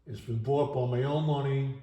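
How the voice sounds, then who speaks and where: Middle-aged male vlogger, halting and emotional delivery, mellow tone, recorded in an echoey room at home. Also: mid-range voice, fairly even intonation. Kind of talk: unscripted monologue vlog.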